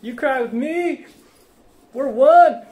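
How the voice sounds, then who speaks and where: Man playing a clingy young boyfriend pleading in a raised, drawn-out voice. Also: expressive, echoey room, phone-quality sound, heavily acted. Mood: gushing. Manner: high, gushing, drawn-out pleading.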